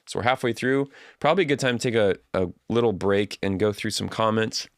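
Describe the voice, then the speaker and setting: Low-voiced man chatting on a livestream. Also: a little fast, no echo, studio quality. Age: adult. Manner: chatty, reads viewer comments aloud. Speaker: livestream host. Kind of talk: casual livestream chat.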